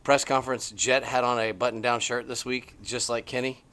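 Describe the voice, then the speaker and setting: A middle-aged podcast co-host with an ordinary-pitched voice chats easygoingly at a moderate pace, out on a porch. He gets excitable and animated while telling stories, his emphasis and pitch swinging sharply, like a relaxed porch conversation.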